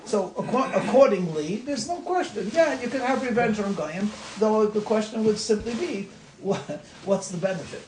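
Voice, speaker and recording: A rabbi leads an informal class discussion, speaking conversationally, repeating words and laughing at his own examples. His voice is high, animated and a little mellow at normal speed, recorded in an echoey room with light noise.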